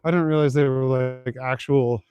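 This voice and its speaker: A young vlogger walks the city at night on a livestream, chatting casually and replying to comments from his viewers, laid-back, rambling, chuckling, and full of fillers. He speaks at normal speed in a steady, mid-range voice with a darkish tone.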